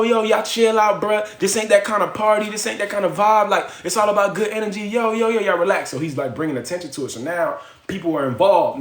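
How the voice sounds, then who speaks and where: Guy on a phone livestream rattling off a story, kinda high voice, echoey room. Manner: animated storyteller acting out quotes, slangy. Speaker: livestream host. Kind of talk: casual storytelling to live chat.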